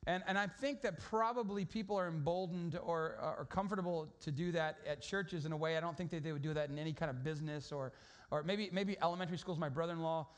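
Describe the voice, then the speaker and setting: Man, pastor, high voice, conversational sermon, storytelling, lots of restarts. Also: fast talker.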